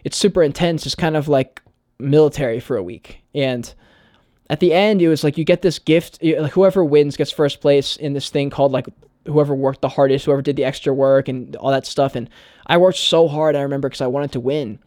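A man's voice: on the high side, a little fast, a little mellow, no echo, studio quality. A young man talking in a casual vlog monologue, earnest and full of "like" and swearing. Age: young adult. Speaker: YouTuber.

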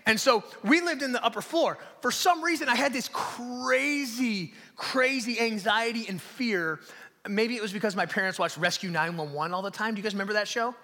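Pastor guy preaching live, lively stories then hushed bits, bright ringing voice, big hall echo. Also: high-pitched, moderate pace. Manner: animated storytelling that drops to hushed, near-whispered emphasis. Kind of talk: sermon. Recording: long reverb of a large hall.

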